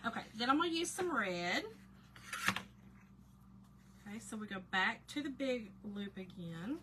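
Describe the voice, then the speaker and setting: A woman's voice: a little high, lively intonation, measured pace. A woman hosting a casual live craft demo, greeting viewers by name and muttering to herself while she works. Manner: chatty, warm greetings to chat viewers, often drops to quiet mutters while concentrating. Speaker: craft livestream host. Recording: noticeable background noise.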